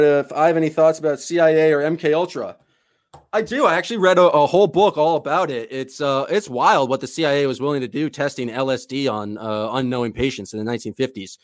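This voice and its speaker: A man's voice: on the high side, fast, dry recording, studio quality. A man co-hosting a sports podcast in casual chat, rambling enthusiastically and calling himself the eccentric goofball. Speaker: podcast co-host.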